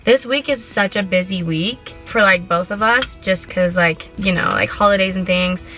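Teen girl vlogger, bright voice, giggly, chatty, excitable, talking to camera from a car. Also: medium pitch, moderate pace, soft background music. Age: teens. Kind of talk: casual vlog chat. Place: parked car. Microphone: handheld camera.

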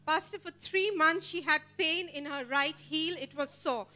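A woman reporting church testimonies to the pastor in a brisk, factual way. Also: high-pitched, sharp tone.

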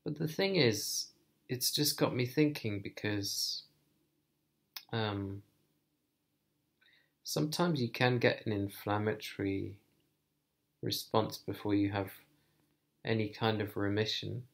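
A man talking to camera in a personal vlog, thoughtful and hesitant, thinking aloud with many pauses. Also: on the low side, vocal fry. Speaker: vlogger.

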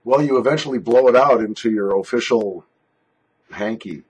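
A man's voice: medium pitch, normal speed, darkish tone, husky, rough recording. A man casually reviewing snuff at home in a basement, joking and mock-dramatic. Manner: joking, mock-dramatic, jokey put-on Irish phrases.

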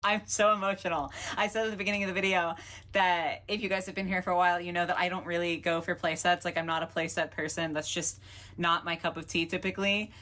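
A young woman talking casually and excitedly in a haul video, gushing and chatty. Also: fairly low pitch, quick pace. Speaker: doll collector vlogger.

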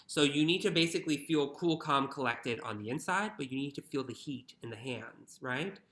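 A man's voice: medium pitch, lively intonation, moderate pace, fairly bright tone. A young man teaching violin in an online masterclass, encouraging and singing phrases on nonsense syllables over a video call.

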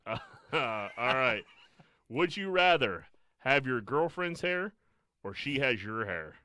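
A man's voice: mid-range voice, sing-song, takes it slowly, sharp tone, clean tone, no room sound. A young man co-hosting a podcast, bluntly cracking crude jokes in casual banter. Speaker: podcast co-host.

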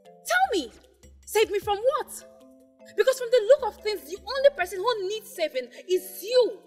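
An actress with a Nigerian accent in a film drama, pleading in a strained voice. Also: female voice, extremely high pitch, very animated, moderate pace, in a large hall, soft background music.

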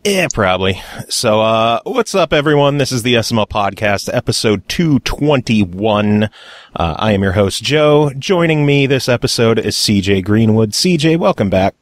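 A man hosting a casual podcast, relaxed and joking, with plenty of offhand swearing. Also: mid-range voice, normal speed, dry recording. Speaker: podcast host.

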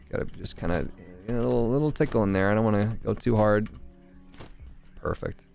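A man streaming a video game live, making jokes, thanking viewers and reacting loudly to the game. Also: on the low side, fairly quick, creaky, soft background music. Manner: jokey, animated, chatting with viewers. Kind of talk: casual live game commentary.

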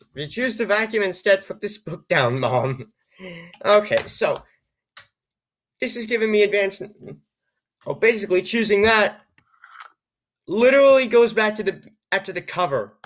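A man reading an odd, computer-written story aloud, with low-key, wry remarks on the text and frequent stumbles over words. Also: a bit bright. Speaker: YouTuber reading AI-generated stories. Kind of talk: comedic reading with asides.

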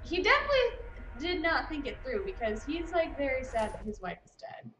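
A young woman streaming a video game live, chatting and reacting as she plays, flustered and excited at times. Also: sits high, brisk, background noise.

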